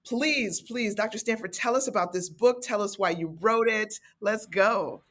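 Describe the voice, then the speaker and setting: A woman interviewer speaking warmly and enthusiastically to her guest in a conversational interview. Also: medium pitch, unhurried. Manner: effusive, enthusiastic praise.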